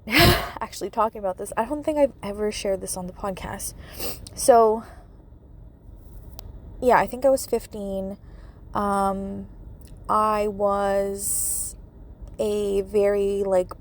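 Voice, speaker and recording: A woman's voice: medium pitch, steady tone, takes it slowly. A woman hosting a podcast, telling a personal story with many fillers and laughing through tears. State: tearful. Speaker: podcast host, medium.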